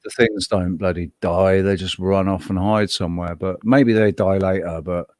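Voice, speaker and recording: A man's voice: low-pitched, steady tone, normal speed, a little mellow, no room sound, clean studio sound. A man co-hosting a casual chat, telling rambling, profane stories with many restarts. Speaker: co-host.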